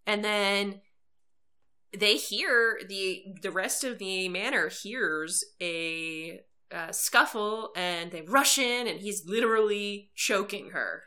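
Bright giggly woman recapping an episode. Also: mid-range voice, slow, few pauses. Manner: animated storytelling recap, giggly. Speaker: podcast co-host. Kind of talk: casual chat recapping a TV episode.

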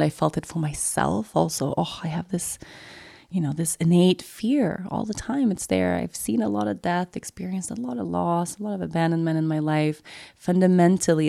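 A woman hosting a podcast, telling a personal story in a low, gravelly voice that often sinks to a whisper. She sounds intimate and confessional and comes back to the same phrases again and again. The sound is dry and close, with no room around it. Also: darkish tone, no echo. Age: adult with a daughter. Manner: emotional, confessional, repeats phrases. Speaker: podcast host.

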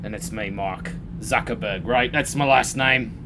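A man voicing a dim, endlessly cheerful Australian man with a put-on Australian accent and a deadpan, oblivious manner on a comedy podcast. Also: on the low side, unhurried, noisy background, voice pushed down, lightly acted. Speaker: podcast co-host.

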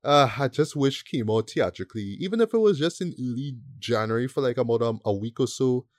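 A man's voice: mid-range voice, lively intonation, brisk, no room sound, clean studio sound. A man co-hosting a casual podcast chat, eager and prone to stammering and repeating words as he asks questions. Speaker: co-host.

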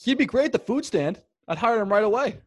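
High-voiced excitable young man. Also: fast talker, no room sound. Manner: excitable, swearing, animated storyteller. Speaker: podcast co-host. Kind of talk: casual sports chat.

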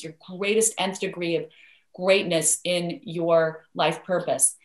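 A woman from the United States, a guest author giving earnest, instructive motivational advice, repeating words for emphasis. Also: lowish voice. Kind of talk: motivational coaching talk. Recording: roomy echo.

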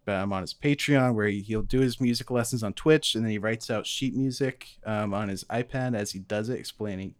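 A man co-hosting a podcast, chatting in a relaxed way with lots of fillers. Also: on the low side, brisk, few pauses, smooth, no echo, clean studio sound. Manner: relaxed, filler-heavy enthusing. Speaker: podcast co-host. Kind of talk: casual chat.

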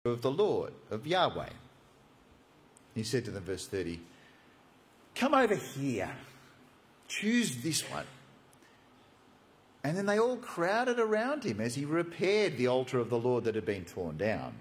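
Animated preacher, lively pitch. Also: male voice. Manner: animated, playful, conversational asides. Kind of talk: sermon, storytelling a Bible passage.

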